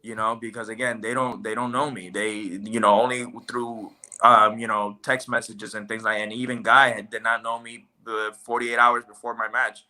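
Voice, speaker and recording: A man's voice: fairly low pitch, moderate pace, hardly any pauses. A man chatting as a podcast guest, telling a story with lots of acted-out quotes. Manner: animated storyteller, acts out quotes. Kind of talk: casual podcast chat.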